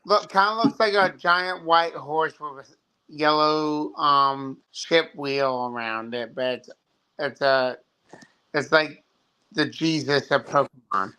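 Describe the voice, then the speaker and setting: A man chatting casually on a live stream as a guest, talking slowly with a halting manner and frequent fillers. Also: fairly high pitch, bright, forceful tone, clear, resonant tone. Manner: slow and halting, many fillers. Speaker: guest Funko collector. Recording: noisy background.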